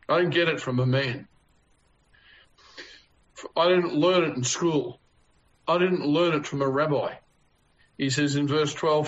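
A man preaching a sermon in a mid-pitched voice. He talks in a halting way, full of fillers and restarts, then leans hard on the key phrases. The recording sounds slightly dull and lo-fi. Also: a bit bright.

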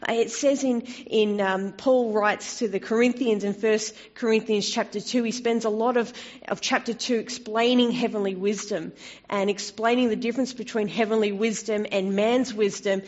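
A woman preaching a sermon in a conversational way, turning expressive when she quotes scripture. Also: mid-range voice, moderate pace. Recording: dull lo-fi recording.

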